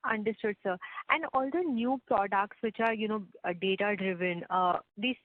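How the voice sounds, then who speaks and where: A woman analyst asking questions on an earnings call, polite and halting with fillers. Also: mid-range voice. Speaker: financial analyst. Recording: dry, tinny phone line.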